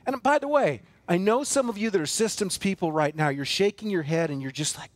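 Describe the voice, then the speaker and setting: A man's voice: sits high, sing-song, normal speed, hardly any pauses, no room sound. A man preaching a sermon as pastor of a church, earnest and emphatic, building force through repeated phrases and rhetorical questions. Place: church sanctuary.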